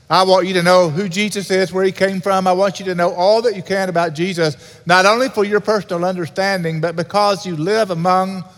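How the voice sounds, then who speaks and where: A pastor delivering an earnest sermon in a church, repeating key points for emphasis. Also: male voice, sits high. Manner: earnest preaching with repetition. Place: church sanctuary. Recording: reverberant hall.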